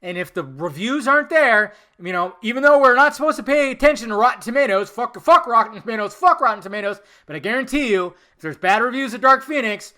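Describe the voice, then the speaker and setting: Male podcast host, solo rant, heated, swears often, high voice. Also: bright, forceful tone. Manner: heated, swearing, emphatic rants.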